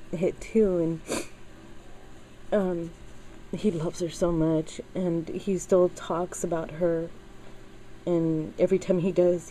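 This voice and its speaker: A middle-aged woman chatting casually in a craft video, halting with many fillers and getting teary as she talks. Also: lowish voice, warm tone, slight background noise, low-quality recording. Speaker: crafting channel host.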